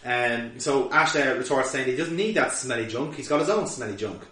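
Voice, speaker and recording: A man with a medium-pitched voice co-hosts a podcast, casually recapping an episode at a moderate pace. He's an animated storyteller who swears and laughs, recorded on a distant mic in a roomy space.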